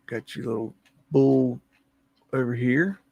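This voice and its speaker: A man's voice: mid-range voice, takes it slowly, gravelly, a little mellow, dry recording, muffled recording. A man hosting a livestream, musing aloud and easily amazed as he comments on photos, humming to himself between remarks. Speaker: livestream host.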